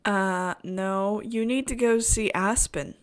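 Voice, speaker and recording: A woman's voice: medium pitch, steady tone, slow. A woman streamer who reads a visual novel aloud and chats between lines, joking and laughing as she goes.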